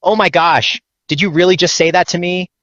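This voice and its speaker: A man's voice: sits high, steady tone, a little fast, fairly bright tone, no echo. A man voicing a smug, greedy male streamer in a cartoon skit. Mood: indignant. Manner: smug, whiny. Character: greedy self-important male video streamer. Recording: dull dry lo-fi sound.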